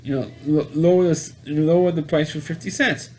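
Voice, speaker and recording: A man casually recapping a movie plot, rambling and halting with many restarts and repeated words. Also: on the high side, fairly even intonation, darkish tone. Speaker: movie reviewer.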